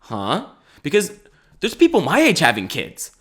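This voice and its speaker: A man's voice: a little high, huge pitch swings, normal speed, fairly bright tone, slightly rough. Rambling, jokey young man. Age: 20s. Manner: rambling and jokey, laughs often, swears casually. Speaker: podcast host. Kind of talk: solo comedic podcast monologue.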